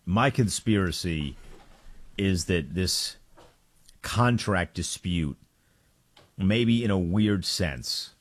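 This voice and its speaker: A man co-hosts a sports radio show, chatting casually about football. His voice is deep and low. He sounds relaxed and easygoing. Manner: casual, laughing, laid-back.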